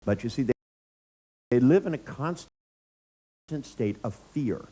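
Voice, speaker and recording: Male workshop leader, irreverent anecdotal style, quick to laugh at his own stories. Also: mid-range voice, expressive, warm tone, slightly rough. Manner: joking storyteller, laughs often; blunt, irreverent. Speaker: workshop trainer. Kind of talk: live workshop lecture. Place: workshop room with audience.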